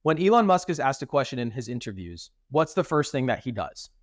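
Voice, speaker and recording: A man's voice: medium pitch, very animated, brisk, dry recording. This is a young man co-hosting a casual podcast. He explains things at length, often acting out how a sentence should rise or fall. His mid-range voice sounds close and dry, with no room around it. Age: young adult. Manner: explanatory, demonstrates intonation with his own voice. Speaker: podcast co-host.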